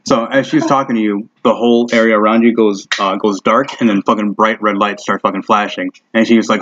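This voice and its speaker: A man's voice: lowish voice, steady tone, fairly quick, hardly any pauses, fairly bright tone, a little hiss or hum. A man narrating a tabletop game as game master, casual and swearing heavily, in a dull lo-fi recording.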